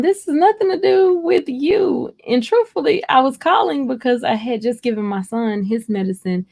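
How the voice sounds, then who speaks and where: A woman's voice: medium pitch, gravelly, darkish tone. A woman hosting a casual livestream, reading out viewer comments and answering them in a rambling, heartfelt way. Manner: rambling, chatty and heartfelt, addresses viewers directly.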